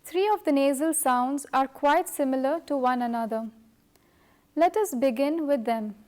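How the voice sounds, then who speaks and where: A middle-aged woman teaching a scripted French lesson, speaking in a slow, careful, measured way. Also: sits high, a little mellow.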